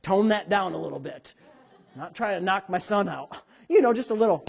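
A man's voice: sits high, brisk, gravelly, breathy edge. A man in his thirties preaching a sermon as a pastor, acting out voices and calling on the congregation to answer. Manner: animated preaching, acts out God's voice and calls for responses. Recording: dull lo-fi sound.

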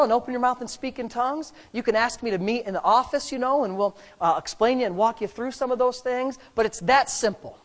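Fervent woman minister preaching, higher voice. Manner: emphatic and fervent, with exclamations and repeated words; bursts into rapid speaking in tongues. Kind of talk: preaching and leading prayer in a church service.

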